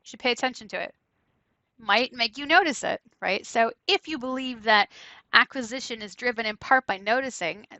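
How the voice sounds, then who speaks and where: A woman lecturer giving a conversational classroom lecture, often checking in with "right?" and breaking into animated asides. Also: a little high, no echo, poor audio. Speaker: university lecturer.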